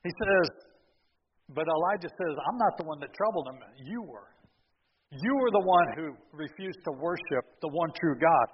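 A male pastor preaching a sermon, retelling the story with lively, sarcastic asides to the congregation. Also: a little high, normal speed, big-room sound, highs cut off, slight background noise. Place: church sanctuary.

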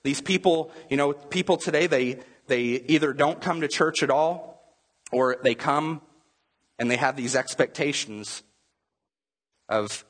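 A man's voice: mid-range voice, unhurried, fairly bright tone, slightly rough. A man preaching a sermon as a pastor, talking to the congregation in a loose, conversational way. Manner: conversational preaching with acted-out crowd voices.

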